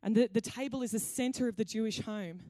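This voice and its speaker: A woman's voice: fairly high pitch, fast talker, dark tone, dry recording, clean studio sound. A woman pastor delivering a sermon in a conversational, playful storytelling way. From Australia.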